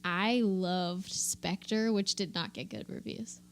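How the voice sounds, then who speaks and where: A woman's voice: medium pitch, steady tone, slow pace, vocal fry, slight background noise. A young adult woman, a comedian, chatting casually on a podcast, laughing often and swearing offhand. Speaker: comedian guest.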